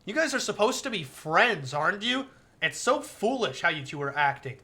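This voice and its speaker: Woman reading a firm, scolding teen club leader, bright and lively voice. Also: medium pitch, normal speed.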